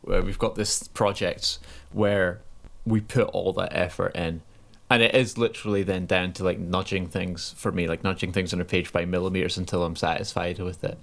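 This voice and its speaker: Low-voiced man in casual podcast chat. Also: little pitch movement, moderate pace, gravelly. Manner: reflective, many fillers like "like". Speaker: podcast co-host. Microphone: call recording on laptop.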